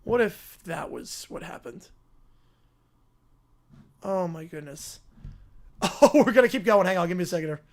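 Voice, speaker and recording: Male streamer, casual commentary, amused asides, gravelly voice. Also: high voice, expressive, moderate pace, pauses often. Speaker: live-stream host.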